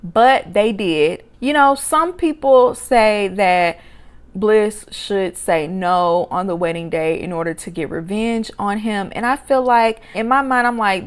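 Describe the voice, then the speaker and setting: A woman giving a casual, opinionated recap of a reality show, expressive and sassy, jumping up high in pitch when she exclaims.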